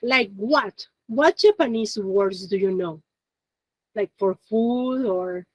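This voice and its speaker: A woman's voice: mid-range voice, takes it slowly, no room sound, rough recording. A woman teaching a beginner Japanese class, explaining step by step in a chatty way and laughing often. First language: Spanish. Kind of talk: classroom lesson.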